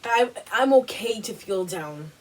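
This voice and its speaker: Animated woman giving motivational talk. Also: medium pitch, measured pace, far from the mic, low-quality recording. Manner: animated, repetitive, lots of "like" and "you know". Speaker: host of a wellness workshop.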